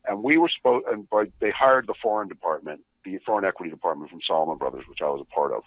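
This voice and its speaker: Husky, low-voiced man telling stories. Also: fast talker, dry recording. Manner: animated, profane, laughing asides. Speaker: podcast guest. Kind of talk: casual storytelling. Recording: dull lo-fi dry recording.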